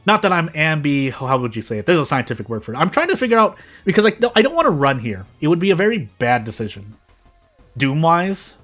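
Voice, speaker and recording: A man streaming a video game, talking through his choices out loud and often stopping to restart or correct his sentences. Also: fairly high pitch, sing-song, fast talker, soft background music. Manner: thinks aloud, often restarts and corrects himself mid-sentence. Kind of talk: live gameplay commentary.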